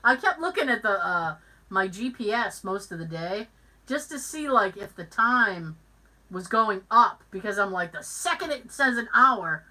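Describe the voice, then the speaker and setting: A woman's voice: medium pitch, a little slow, low-quality recording. A woman hosting a podcast, chatting casually and acting out the voices of people in her stories. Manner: animated storyteller who acts out every voice in her anecdotes. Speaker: podcast host. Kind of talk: casual chat.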